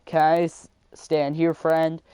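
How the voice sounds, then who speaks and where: A man voicing an annoying boy classmate who yells and drags out his words. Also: completely flat delivery, clean tone, no echo, lo-fi sound. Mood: pleading. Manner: shrill, drawn-out shouting. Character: loud, annoying boy classmate, prone to yelling.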